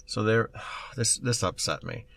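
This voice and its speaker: Low-voiced man telling stories animatedly. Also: a little slow, gravelly, no room sound. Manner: animated storyteller, acts out quoted voices. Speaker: podcast co-host. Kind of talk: casual tech chat.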